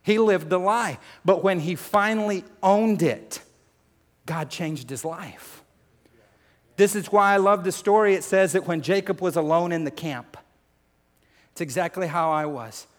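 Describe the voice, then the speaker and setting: Preacher guy, slightly high voice, swings loud to hushed, calls the crowd folks, long hall echo. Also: a little slow. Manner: conversational, addresses crowd as folks and family. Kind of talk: sermon.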